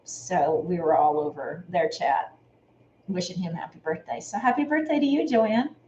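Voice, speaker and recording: A woman's voice: on the low side, normal speed, a little mellow, dull audio. Chatty woman on a live stream. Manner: rambling and chatty, thanking viewers by name. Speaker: sewing channel host. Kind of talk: casual live-stream chat. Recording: echoey room with faint noise.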